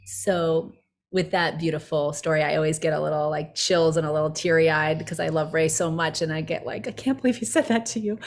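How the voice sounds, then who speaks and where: A woman instructor guiding a slow breathing and movement exercise, calm and measured. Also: low voice. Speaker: energy-work instructor.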